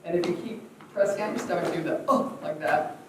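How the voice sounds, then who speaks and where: A woman's voice: on the low side, brisk. A woman teaches an acting workshop in a big echoey room, recorded from some distance with faint noise behind her. She demonstrates the vocal exercises herself and laughs often between explanations. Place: large echoey theatre room.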